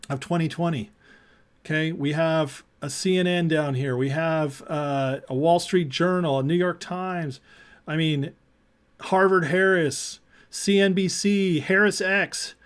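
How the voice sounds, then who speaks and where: A man hosting a political livestream, talking excitedly and reading out viewer chat, swinging from loud emphasis to quiet, emotional lines. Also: a little high. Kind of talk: live-stream commentary reading chat.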